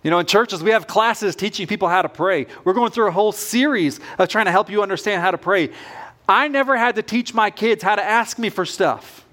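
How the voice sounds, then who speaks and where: A man's voice: sits high, a little fast, sharp tone. A middle-aged male pastor preaching a sermon in an earnest, conversational way.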